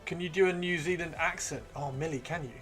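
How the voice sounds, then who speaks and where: Chatty man, slightly high voice. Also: quick pace, a bit bright. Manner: chatty, joking, self-mocking. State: throat wearing out from talking. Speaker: live streamer. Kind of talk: casual chat reading out viewer messages. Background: faint video game music.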